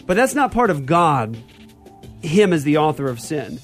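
A man's voice: on the high side, big pitch swings, normal speed, faint music behind. A man hosting a church talk show, teaching theology in an emphatic style and repeating key phrases.

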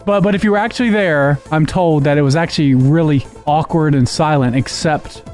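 A man's voice: fairly high pitch, fairly quick, darkish tone, faint music behind. A man co-hosting a talk show, explaining news stories at length. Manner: explains news at length, reads quotes aloud. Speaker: co-host. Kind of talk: casual discussion.

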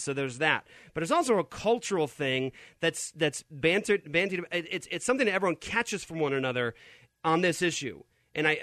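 A man's voice: a little high, fairly bright tone, no room sound. A man hosting a Christian talk show, arguing his point in an emphatic, incredulous way. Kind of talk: opinionated Christian commentary.

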